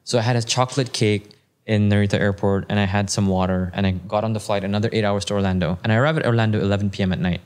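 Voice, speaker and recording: A man in his thirties, a podcast guest, tells a personal story in relaxed chat. His voice sits on the low side, and he livens his telling by putting on the voices of people he quotes. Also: rapid-fire.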